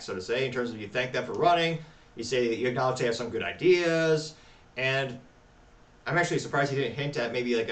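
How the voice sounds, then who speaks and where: A man hosting a talk show, reading social media replies aloud with wry, deadpan asides. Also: mid-range voice, reverberant, recorded from a distance. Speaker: podcast host.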